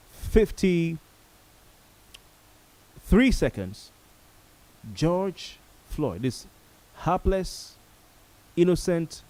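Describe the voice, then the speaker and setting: A man hosting a talk show, speaking gravely to viewers and repeating phrases for emphasis. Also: a little high, darkish tone, dry recording, poor audio. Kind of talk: solemn talk show monologue.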